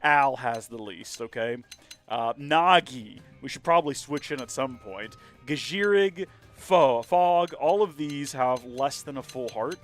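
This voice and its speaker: A man's voice: mid-range voice, animated, unhurried, faint music behind. A man streaming a video game, chatting casually in a rambling, joking, self-mocking way. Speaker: let's play streamer.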